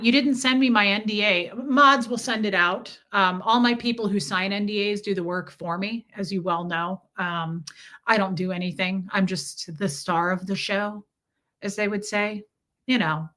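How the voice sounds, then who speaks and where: A woman's voice: mid-range voice, pushed and bright. A middle-aged woman hosting a casual livestream, chatting and reading out viewer messages. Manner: chatty, reads out chat messages, coos at a kitten. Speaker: livestream host.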